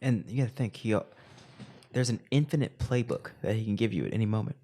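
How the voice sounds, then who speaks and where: A man's voice: on the low side, fast talker. A man co-hosting a casual spiritual podcast chat, laid-back and playful. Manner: laid-back, playful, slips into excited put-on voices. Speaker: podcast co-host.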